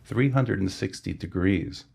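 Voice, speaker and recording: A man, a sonar engineer guest on a podcast, giving a technical explanation and often pausing with fillers and restarts. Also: deep voice, gravelly, darkish tone, slightly rough.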